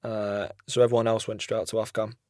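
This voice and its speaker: A man's voice: lowish voice, level tone, fast talker, a little mellow, no echo, clean studio sound. A man from Britain, a serving soldier and army fitness coach, telling stories in a plain, matter-of-fact way with some swearing. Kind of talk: casual chat.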